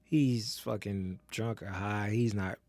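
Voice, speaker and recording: A man with a gravelly voice at medium pitch tells a story on a podcast. He is casual and profane and acts out each person in his tale. The sound is dry and close to the mic. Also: takes it slowly, dry recording. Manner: animated, profane, acts out the people in his stories. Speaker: podcast guest.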